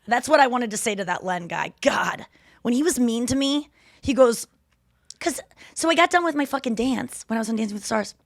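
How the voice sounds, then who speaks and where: Her voice is a little high and a little fast, recorded dry with clean studio sound. She's a thirtysomething comedian hosting a podcast, casually and profanely mocking people by performing their quotes in put-on voices, her speech full of "like" fillers and restarts.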